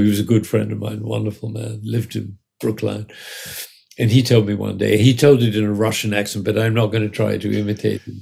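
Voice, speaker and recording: An older man, a conductor and music educator, telling lively anecdotes in an interview, now and then acting out the voices of the people in them. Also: on the low side, creaky, slightly rough. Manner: animated anecdotes with acted-out voices. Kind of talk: storytelling in an interview.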